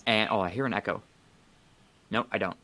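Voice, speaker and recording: A man's voice: lowish voice, fairly even intonation, a little fast, pushed and bright. A young man co-hosting a podcast, rambling through a funny story in casual chat, peppered with "like" and his own laughter. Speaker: podcast co-host.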